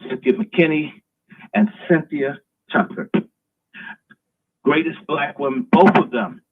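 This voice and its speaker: A man's voice: fairly high pitch, very animated, slow, husky. A man hosting a live stream, delivering an emphatic, preachy, provocative monologue. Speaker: host. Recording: tinny phone-like line.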